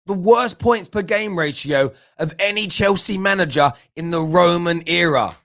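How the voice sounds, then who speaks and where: A man's voice: sits high, normal speed, creaky, a bit bright. A young adult man hosting a live football fan talk show, ranting in a blunt, slangy and fired-up way.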